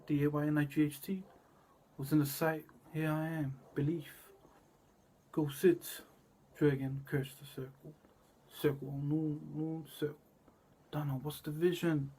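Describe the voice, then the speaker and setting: Husky guy rambling on and on, choppy repeating bits, goes quiet then loud. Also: a little high. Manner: disjointed, repetitive, wandering from loud to quiet. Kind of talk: rambling spoken monologue.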